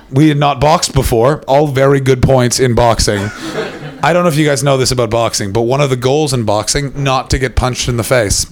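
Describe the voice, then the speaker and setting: A man from Canada doing stand-up comedy, telling a story to a live audience and acting out other people's lines in quick voices. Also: medium pitch. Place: stage before a live audience.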